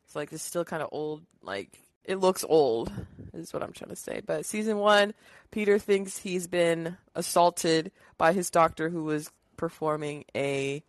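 A woman's voice: deep voice, measured pace, no echo. A woman co-hosting a podcast, chatting casually in slangy speech with lots of "like" and casual swearing. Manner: slangy, filler-heavy, swears freely. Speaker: podcast co-host. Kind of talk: casual chat.

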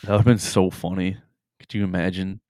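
A man's voice: low-pitched, little pitch movement, moderate pace, mellow, dry recording, studio quality. A young man co-hosting a casual podcast, laid back and laughing often, giving sports betting picks. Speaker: podcast co-host. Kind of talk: casual chat.

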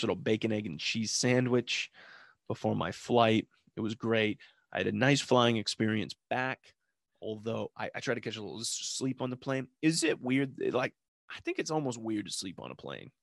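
A man's voice: medium pitch, gravelly, no room sound, studio quality. Casual man telling a rambling story. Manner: rambling storyteller, acts out quotes. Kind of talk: casual chat.

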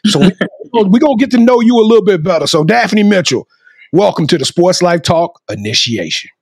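Man, very high voice, gravelly edge, shouting sing-song hype host. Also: expressive, brisk, dry recording. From Shreveport, Louisiana, USA. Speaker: podcast host. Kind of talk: hype show hosting.

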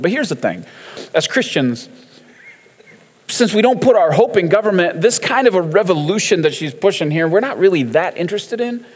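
A man's voice: mid-range voice, slightly rough, big-room sound. A man giving a casual, conversational sermon, chatting through song lyrics and scripture with fillers and easy laughs.

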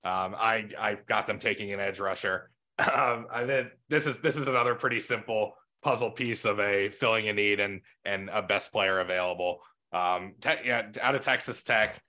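A man's voice: fairly low pitch, normal speed, bright, forceful tone. A man co-hosting a casual football podcast, chatty and loose, with frequent laughs and asides. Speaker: podcast co-host.

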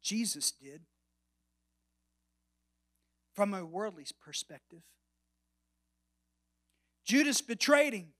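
With a high, very animated voice, a male pastor preaches slowly and pauses often. He tells his story with wide swings in loudness, sinking to a near whisper at phrase endings to emphasize them.

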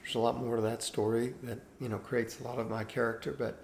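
An earnest man in his sixties tells his life story as a guest in an interview. His voice is mid-pitched and gravelly. The room is echoey, with a faint hiss behind him. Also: fast. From Cuba. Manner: earnest, animated anecdote telling. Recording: roomy echo with faint background hiss.

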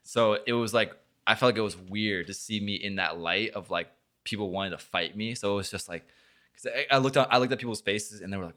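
A man's voice: lowish voice, brisk, music in the background. A young man, a podcast host, telling a story in casual chat, rambling and swearing with lots of filler words. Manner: rambling, swears a lot, full of filler likes.

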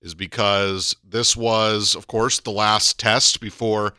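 A man's voice: lowish voice, flat delivery, slow, sharp tone, smooth, no echo, clean studio sound. A man co-hosting a casual wrestling podcast, opinionated and emphatic, pushing his points hard. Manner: emphatic, opinionated, rises sharply on key points. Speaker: podcast co-host.

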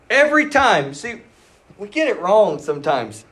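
A man preaching a sermon in an animated, dramatic way, acting out the quoted words. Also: sits high, moderate pace. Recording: roomy, voice from a distance.

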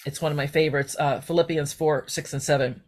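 A woman's voice: sits low, steady tone, a little fast, darkish tone. A middle-aged woman hosting a faith-based personal podcast, talking in a heartfelt, rambling way that wanders off on tangents. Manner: rambling, heartfelt, digressive, with restarts. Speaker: podcast host.

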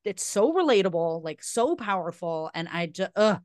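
Woman podcast co-host, low-ish voice, dry close mic, rambling and emphatic delivery. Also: big pitch swings, normal speed, no echo. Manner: rambling, emphatic, many fillers. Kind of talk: casual chat.

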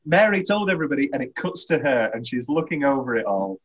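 A young man hosting a casual film chat, rambling and halting, laughing often. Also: mid-range voice, very animated, husky, dull audio. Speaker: podcast host.

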